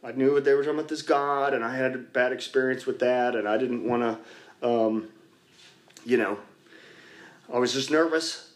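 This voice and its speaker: A man's voice: mid-range voice, steady tone, moderate pace, long pauses. A man sharing candidly at a recovery meeting, rambling and poking fun at himself, with lots of "you know.". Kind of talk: candid personal talk to a group. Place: church basement.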